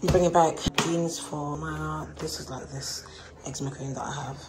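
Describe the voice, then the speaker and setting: Young woman, low-pitched, loose and jokey, talking straight to camera. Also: fairly even intonation, moderate pace, music in the background, poor audio. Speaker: vlogger. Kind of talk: casual vlog chat. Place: a home indoors.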